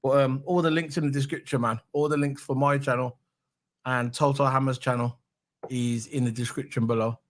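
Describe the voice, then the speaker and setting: A British man hosts a casual live stream, speaking briskly in a steady, medium-pitched voice. He's blunt and opinionated and tends to repeat his phrases.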